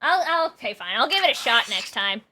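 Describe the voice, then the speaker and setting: A woman's voice: fairly high pitch, sing-song, brisk. A woman streaming a video game, chatting casually, reading chat aloud and mocking her own mistakes. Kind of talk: casual gameplay commentary. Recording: loud game music behind.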